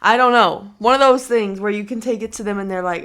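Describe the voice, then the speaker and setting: A woman's voice: medium pitch, brisk, fairly bright tone, clean tone. Giggly incredulous young woman commentator. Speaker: commentary vlogger. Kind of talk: reaction commentary.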